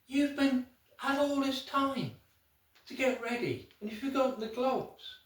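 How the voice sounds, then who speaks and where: Storyteller putting on an impatient farmer husband, shrill and scolding, distant echoey room. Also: male voice, unhurried. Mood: irritated. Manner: sharp, scolding, pitched high.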